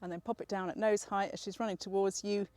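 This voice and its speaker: A woman's voice: medium pitch, fairly even intonation, fast talker, a little mellow, no echo. Patient woman dog trainer. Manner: patient, encouraging, explaining step by step. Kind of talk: hands-on dog training instruction.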